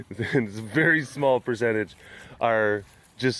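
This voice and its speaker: A man's voice: medium pitch, slow, a bit bright, dry recording. Rambling, joking man chatting outdoors. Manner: chatty and joking, with many fillers and restarts. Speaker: vlog host and big cat sanctuary tour guide. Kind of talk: casual rambling vlog chat. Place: outdoors at a big cat sanctuary, walking around.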